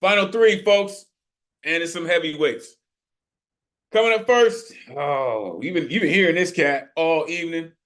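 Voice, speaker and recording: A man hosting an online open mic over a video call, talking with energetic, emphatic hype. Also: fairly high pitch, unhurried. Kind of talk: hyping up performers on a video call.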